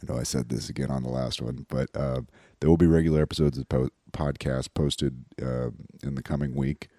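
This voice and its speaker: A man's voice: rumbling low, fairly even intonation, brisk, creaky, warm tone, dry recording, studio quality. A man, a comedian hosting a podcast, giving a rambling, loose wrap-up full of fillers. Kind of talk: casual show wrap-up.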